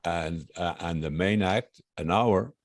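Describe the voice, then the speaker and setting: Old man reminiscing in a low voice. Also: no echo, studio quality. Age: 80s. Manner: reminiscing, halting with many uhs, chuckles often. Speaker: guest singer. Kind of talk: casual interview chat.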